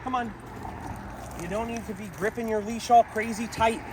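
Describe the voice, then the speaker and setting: A man with a fairly high voice explains dog training outdoors. He speaks in an encouraging way and keeps calling his viewers folks. Faint street noise and passing vehicles sit behind him. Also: steady tone, moderate pace. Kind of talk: outdoor training talk to camera. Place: outdoors in a town.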